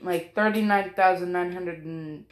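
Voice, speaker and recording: A woman's voice: fairly low pitch, fairly even intonation, a little slow. A woman narrating a story in a loose, rambling way, often apologizing, getting distracted and swearing casually. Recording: roomy echo.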